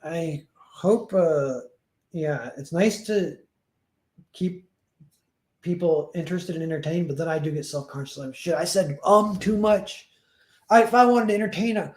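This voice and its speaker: A man's voice: on the high side, a little mellow, echoey room. A young man chatting casually on a livestream, rambling and self-deprecating, acting out quoted dialogue as he tells stories. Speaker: streamer and comic artist.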